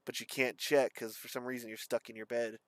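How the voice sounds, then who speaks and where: Casting: young male streamer, slight lisp, rambling and halting delivery, smooth voice, dry close recording. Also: medium pitch, little pitch movement, a bit bright, dry recording. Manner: rambling, halting, self-described stutter. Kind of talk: casual vlog monologue.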